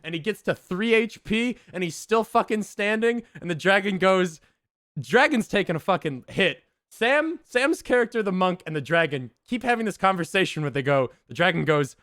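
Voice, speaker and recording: A man streamer excitedly telling a tabletop game story to his chat, swearing and laughing often. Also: sits high, normal speed, dry recording, clean studio sound.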